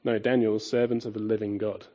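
A man preaching a sermon, emphatic, asking rhetorical questions and swinging between loud and quiet. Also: on the low side, little pitch movement, brisk, dull audio.

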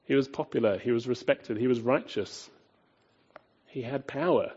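Husky, mellow male preacher, dull recording. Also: medium pitch, normal speed. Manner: emphatic, with rhetorical questions and swings between loud and quiet. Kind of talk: sermon.

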